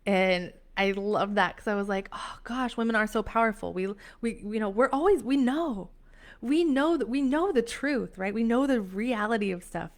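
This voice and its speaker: A woman's voice: on the high side, moderate pace. A young woman hosting a casual motivational live stream, talking in a gushing, emphatic way with many restarts. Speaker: empowerment coach hosting a live session.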